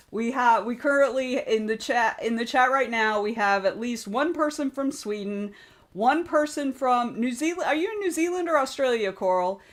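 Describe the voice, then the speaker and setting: Chatty Southern woman streamer. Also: fairly high pitch. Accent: Southern US (Georgia). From United States. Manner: chatty, rambling, greets viewers by name. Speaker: streamer and author. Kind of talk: casual livestream chat.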